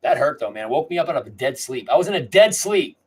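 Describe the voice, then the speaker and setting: A man's voice: a little high, big pitch swings, fast, darkish tone, husky, rough recording. A man hosting a live stream, chatting casually in a rambling, laid-back way.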